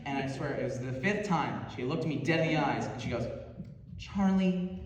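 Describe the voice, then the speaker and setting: A young man doing stand-up comedy, animated and rambling, laughing through his stories with many fillers. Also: mid-range voice, a little fast. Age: young adult. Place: theater stage before a live audience. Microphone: audience phone from far off. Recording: echoey hall from far off, audience noise.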